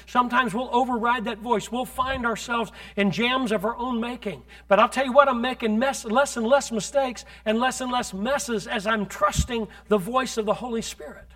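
Male preacher, high bright voice, fervent sermon style that pushes into shouting and calls out to the room. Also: fairly even intonation, a little fast, few pauses. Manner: builds from conversational to fervent shouting; calls on the congregation directly.

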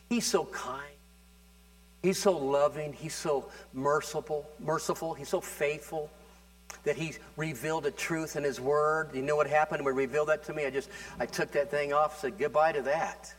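A man preaching a sermon, talking casually with restarts and building to fervent, louder passages. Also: a little high, steady tone, moderate pace. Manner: conversational, with repeated words and restarts. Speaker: pastor.

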